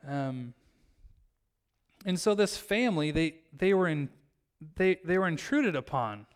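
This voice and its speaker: A man's voice: a little high, measured pace, clear, resonant tone. A man preaching a sermon as pastor, telling a story and acting out its characters' lines in his own voice. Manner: storytelling, acts out the characters' lines with lively shifts.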